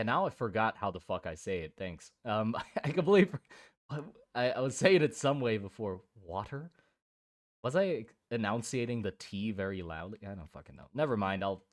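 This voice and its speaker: Young man, from Germany and Thailand, low-pitched, rambling casual stream chat, restarts and swearing. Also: animated, fairly quick. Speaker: streamer drawing miniatures.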